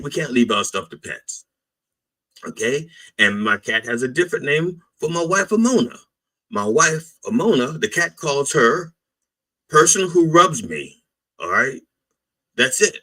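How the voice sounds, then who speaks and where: A man riffs as a mock reverend in a rambling comic monologue. His voice is bright and forceful, and his pitch swings widely. He talks bluntly and keeps checking in with "all right?" and "okay?". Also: rough recording.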